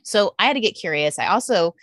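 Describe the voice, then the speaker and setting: A woman's voice: medium pitch, expressive, quick pace, a bit bright, dry recording, studio quality. A middle-aged woman speaking as a guest in a candid interview, telling stories and acting out her own past thoughts. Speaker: podcast host appearing as guest.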